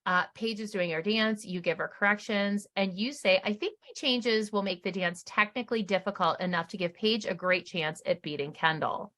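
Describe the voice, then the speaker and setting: A middle-aged woman co-hosts a chatty recap podcast, her voice bright and clear. She tells the story with animation and slips into quoted voices as she goes. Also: mid-range voice, normal speed, few pauses. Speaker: podcast co-host. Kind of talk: casual recap chat.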